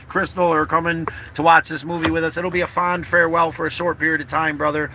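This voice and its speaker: A man's voice: fairly high pitch, level tone, fast talker, hardly any pauses, pushed and bright, a little hiss or hum, poor audio. A man talking in a casual vlog, heartfelt and rambling, swearing often as he speaks. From New York. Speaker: vlogger. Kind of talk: emotional casual vlog talk. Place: in a parked car outdoors.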